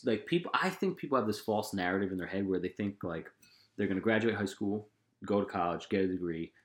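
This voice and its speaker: A man's voice: lowish voice, darkish tone, reverberant. A young man hosting a podcast in a casual chat, laid-back and full of fillers and restarts. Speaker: podcast host. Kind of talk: casual conversation.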